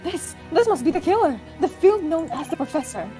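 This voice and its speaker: A woman voicing a prim, formal young assistant from a video game. Her voice sits high with lively intonation, and faint game music plays behind. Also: fairly quick. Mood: earnest. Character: polite, composed young female assistant. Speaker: player reading game dialogue. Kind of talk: reading game dialogue aloud.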